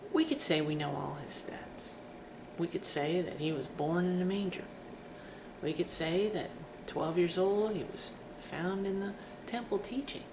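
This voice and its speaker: Woman, mid-pitched and gravelly, casual devotional speaker, chatty storyteller; noisy recording. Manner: chatty, storytelling with self-deprecating humor. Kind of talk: informal devotional talk. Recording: steady background noise.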